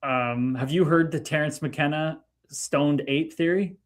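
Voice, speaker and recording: A man on a live-streamed chat, spinning anecdotes with animated, excitable energy. He swears freely and keeps his tone loose and conversational. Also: fairly high pitch, a little slow. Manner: animated storyteller, profane, excitable. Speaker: guest.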